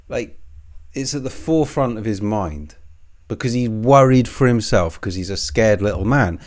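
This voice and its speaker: A man's voice: on the low side, animated, normal speed. A man delivering a profane, scornful, sarcastic political commentary rant. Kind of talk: ranting commentary.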